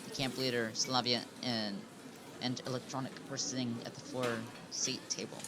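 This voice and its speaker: A man's voice: medium pitch, level tone, normal speed, noisy background. Man reading a game story aloud. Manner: casual reading with chuckles and restarts. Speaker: game narrator. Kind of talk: reading a visual novel aloud. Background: background music.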